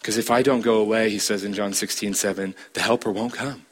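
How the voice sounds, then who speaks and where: A man's voice: fairly even intonation, a little fast. A man preaching a sermon, stressing his points emphatically and asking the listeners direct questions. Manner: emphatic, rising to a high pitch to stress points.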